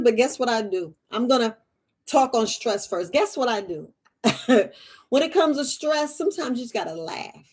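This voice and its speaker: Woman, herbalist host, casual live-stream chat, fairly high voice, frequent laughter. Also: expressive, normal speed, slightly rough. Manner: chatty, laughs often, repeats phrases.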